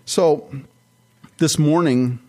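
A man's voice: a little high, very slow, dark tone. Man preaching a folksy, rambling sermon. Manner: folksy, rambling anecdotes with frequent restarts. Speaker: pastor. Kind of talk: conversational sermon.

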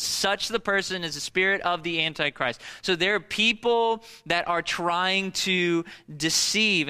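A man preaching a sermon in a casual, storytelling way, full of fillers and sudden jumps in pitch for emphasis. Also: sharp tone, clear, resonant tone. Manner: conversational storytelling with many fillers. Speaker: pastor.

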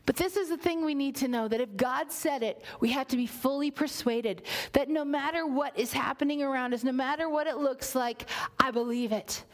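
A woman with a high voice preaches a sermon. She tells the story with energy, acts out the characters' lines, and drops to a whisper to drive a point home. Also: moderate pace, darkish tone.

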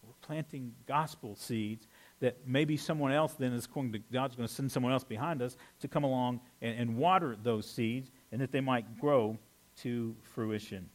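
A pastor preaching a conversational sermon, animated with playful asides. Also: male voice, mid-range voice, normal speed.

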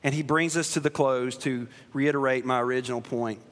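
A man's voice: medium pitch, steady tone, brisk, fairly bright tone. A man, a pastor, preaching a sermon in an earnest, emphatic way, often restarting his phrases. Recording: long reverb of a large hall.

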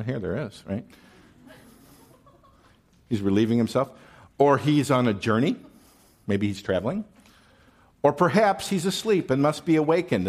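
Wry preacher man with a mid-range voice. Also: mid-range voice. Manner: conversational, wry, asks the listeners questions. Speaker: pastor. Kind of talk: sermon.

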